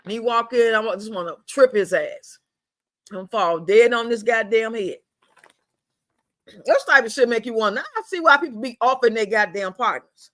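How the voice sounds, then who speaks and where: Extremely high-pitched, pushed and bright, an older man's voice comes through with no room sound at a normal speed. He's angrily venting on a home live stream, profane and repetitive, drawling some words.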